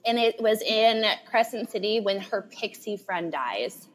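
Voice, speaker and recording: A woman co-hosts a book podcast in an easygoing, upbeat way. Her voice sits at a middle pitch, and she giggles often between her points. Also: animated, a little slow. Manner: enthusiastic, giggly. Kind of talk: casual book chat.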